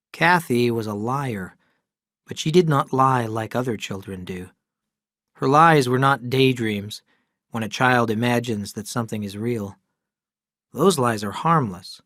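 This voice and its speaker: A man narrating an audiobook in a measured, clear reading voice. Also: medium pitch, fairly bright tone, no echo, clean studio sound.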